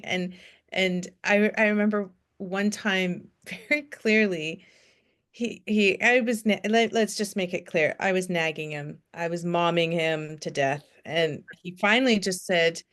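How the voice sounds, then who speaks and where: A woman's voice: lowish voice, measured pace, a bit bright. A woman in her forties hosting an interview, asking questions in a thoughtful way and sharing her own stories as a therapist. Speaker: host, therapist. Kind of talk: interview conversation.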